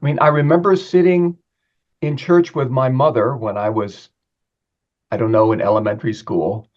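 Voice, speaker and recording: A man being interviewed as an author, telling his story in a reflective, measured way. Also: mid-range voice, steady tone, dull audio. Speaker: guest, author.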